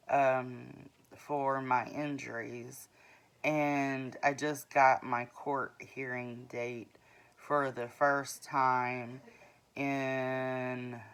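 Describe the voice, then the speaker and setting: Woman, forties, slow-paced, smooth voice, rambling casual vlog, frequent ums. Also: very deep voice. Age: 40s. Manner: earnest, plain-spoken. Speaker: author promoting her books.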